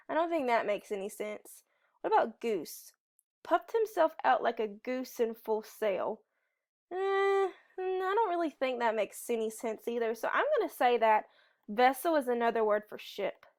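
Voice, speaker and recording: A woman teacher thinking aloud through a reading lesson, slowly trying out each word choice in a sentence and musing over which one makes sense. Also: fairly high pitch, animated. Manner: slow, musing, reads sentences aloud carefully.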